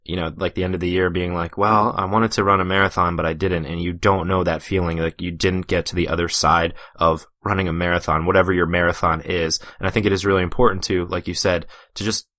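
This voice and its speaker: A man hosting a casual podcast interview, relaxed and agreeable, using "like" and "dude" often. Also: low voice, quick pace, hardly any pauses, no echo, clean studio sound. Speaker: podcast host.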